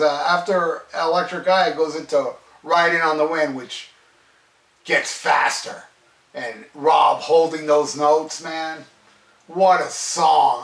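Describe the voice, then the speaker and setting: A man's voice: on the high side, fairly bright tone. A middle-aged man reviewing a metal album in an enthusiastic, rambling, casual way, swearing freely. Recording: roomy echo, distant from mic.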